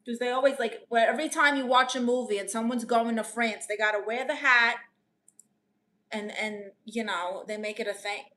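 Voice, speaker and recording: A live-stream comedian answering chat improvises as a brash, teasing self-styled therapist aunt, sassily calling viewers honey. Her fairly high voice stays steady at normal speed, sounding pushed and bright.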